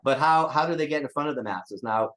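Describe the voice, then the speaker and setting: A man's voice: mid-range voice, brisk, a bit bright, a little hiss or hum. An older man, a drummer being interviewed, talking bluntly and casually with jokes and swearing. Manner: blunt, joking, swears freely. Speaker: drummer guest.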